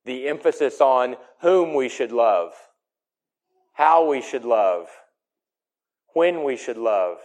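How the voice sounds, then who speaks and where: A man preaching a sermon in an emphatic way, his voice swinging between loud and soft. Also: medium pitch, expressive, slow, pauses often.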